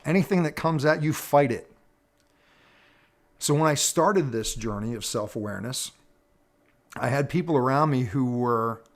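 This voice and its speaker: Middle-aged male teacher, earnest and reflective, speaking in an unhurried storytelling voice. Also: mid-range voice. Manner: earnest, measured, storytelling with pauses. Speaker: personal development teacher. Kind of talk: reflective personal talk to camera.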